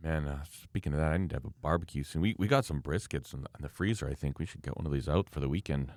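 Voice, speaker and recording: A middle-aged man from Alberta with a very low, deep voice, chatting casually on a podcast. He rambles through his stories and often pops into other people's voices. The recording is dry and close to the mic. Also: rapid-fire, no echo. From Alberta, Canada. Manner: rambling storyteller, animated when quoting people. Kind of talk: casual chat.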